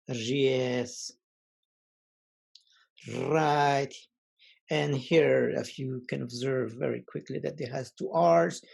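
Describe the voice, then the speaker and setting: A man teaching an online language lesson, reading word lists aloud slowly and pausing often with fillers. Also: mid-range voice, vocal fry, a little mellow, husky, poor audio.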